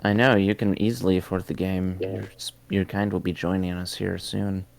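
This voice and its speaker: A man's voice: low voice, flat delivery, normal speed, creaky. A man playing a tabletop game who speaks firmly in character. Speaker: player.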